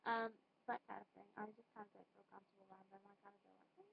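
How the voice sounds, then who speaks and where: A woman's voice: medium pitch, steady tone, racing, creaky, few pauses, husky, highs cut off. A young woman vlogger chatting casually through a tag video, rambling with lots of fillers and giggles.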